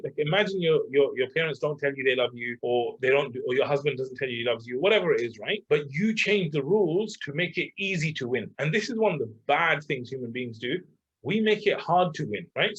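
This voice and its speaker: A man's voice: fairly high pitch, breathy edge. A man in his thirties, a life coach, talking casually and filling his speech with "like" and "right?". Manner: conversational, full of "like" and "right?". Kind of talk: casual chat. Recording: dull lo-fi sound.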